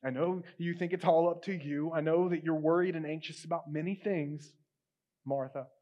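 Male pastor, slightly high voice, casual sermon delivery that swings from emphatic to hushed. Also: steady tone, moderate pace, dull audio. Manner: conversational, emphatic, drops to soft quiet tones.

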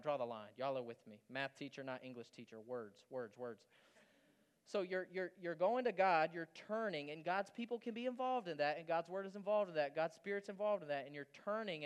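Male pastor, conversational and animated sermon delivery; smooth, resonant voice that sits a bit high. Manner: conversational, animated preaching with frequent "does that make sense?".

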